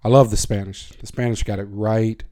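A man talks in a relaxed, rambling monologue, dry and deadpan in his humor. His voice sits fairly low, with a soft, dark tone. He leans on ums and uhs as he goes. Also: moderate pace. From United States. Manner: wry, deadpan joking with lots of fillers. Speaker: vlogger. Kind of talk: casual comedic monologue.

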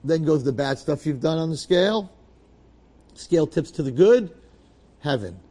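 A man's voice: on the high side, expressive, moderate pace, warm tone, slightly rough. A man voicing a solemn heavenly judge. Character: solemn elderly heavenly judges, bearded rabbis.

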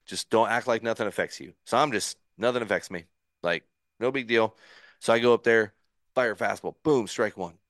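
A middle-aged man with a fairly low voice spins a story as a podcast guest. He is animated, acts out his own inner thoughts, and trips over restarts. It is recorded close and dry, with no room sound. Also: dry recording. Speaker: podcast guest, former pitcher. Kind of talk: casual storytelling.

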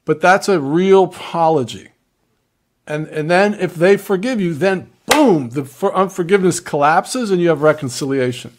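A man with a slightly raised pitch speaks earnestly, guiding his audience step by step. His delivery is direct and instructive, like a coach laying out a plan. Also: expressive, normal speed. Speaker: relationship advice speaker. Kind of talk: instructive advice talk to viewers.

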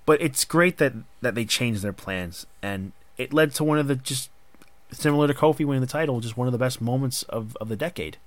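A man hosting a casual podcast chat, excitable and rambling in long run-on bursts. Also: medium pitch, a little fast, dry recording. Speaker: podcast host.

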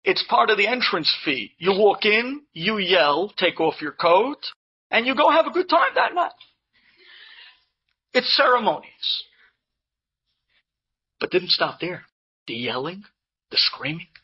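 A man telling an inspirational story to a live audience in an animated way, with Hebrew and Yiddish terms mixed in. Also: high voice, a little slow, pauses often, breathy edge, dull audio. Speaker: Torah speaker telling inspirational stories.

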